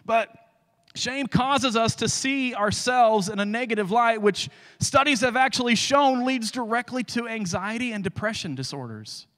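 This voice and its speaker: A male guest speaker preaching a sermon, telling the story with animated energy and dropping to hushed tones for scripture. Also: very high voice, normal speed, in a large hall.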